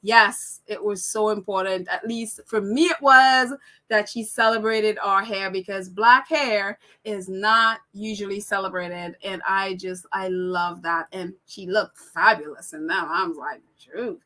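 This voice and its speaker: A woman's voice: medium pitch, fairly even intonation, a little slow, sharp tone. A woman hosting a live stream, reading viewer comments aloud in a chatty way, laughing often and correcting herself with apologies. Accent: non-American accent. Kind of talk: casual live chat.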